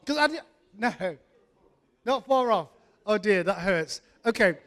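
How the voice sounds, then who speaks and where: A man with a high voice hosts a live evening event in a venue. He talks into a handheld microphone with self-mocking, teasing stage banter. His jokes run between comic asides and chat with the crowd. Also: expressive, a little slow, pauses often, a bit bright. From England. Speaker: event host. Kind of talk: joking stage banter with the audience.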